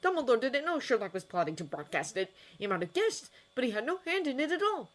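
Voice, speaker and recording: A man's voice: extremely high pitch, sing-song, brisk, fairly bright tone, voice pushed up, exaggerated voice. A woman voicing an earnest, indignant male wizard who is a family man in a fanfiction audiobook. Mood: outraged. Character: kindly indignant older male wizard father.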